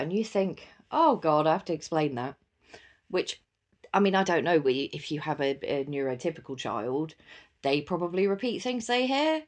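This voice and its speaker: Chatty mum, low voice. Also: female voice. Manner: chatty, laughs often, many fillers. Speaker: podcast host. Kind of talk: casual solo chat.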